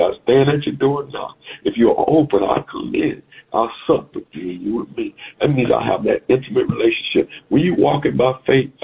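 Gravelly preacher over a phone line. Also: male voice, mid-range voice. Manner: repetitive, exhorting, sing-song preaching cadence. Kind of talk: sermon over a phone call.

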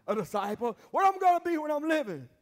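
High-voiced preacher in echoing church. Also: male voice, sing-song, fast. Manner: emphatic call-and-response preaching, repeating phrases. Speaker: pastor. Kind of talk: sermon. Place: church sanctuary. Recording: long reverb of a church hall.

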